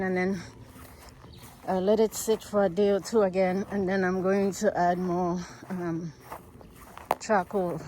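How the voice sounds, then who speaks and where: In this casual farm vlog, an American woman talks to her viewers outdoors while she gardens, breathless from digging in the heat; her medium-pitched voice has a darkish tone, with slight background noise. She's a chatty, rambling vlogger who addresses everyone as "guys."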